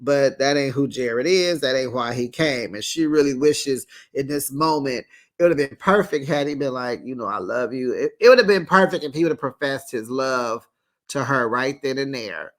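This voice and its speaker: A man hosting a casual TV recap, animated and laughing often as he acts out what people said. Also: mid-range voice, normal speed. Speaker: TV recap host.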